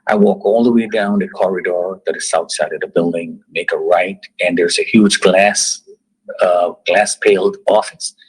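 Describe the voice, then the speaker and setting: A middle-aged man recounting a personal survival story in slow, halting sentences with long pauses. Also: low voice, steady tone, breathy edge, low-quality recording. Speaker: survivor giving a testimony. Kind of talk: personal story told to students.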